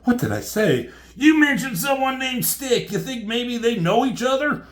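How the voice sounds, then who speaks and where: A man's voice: extremely high pitch, very animated, moderate pace, voice pushed up. A man voicing a tough male hero in an exaggerated, mock-heroic way.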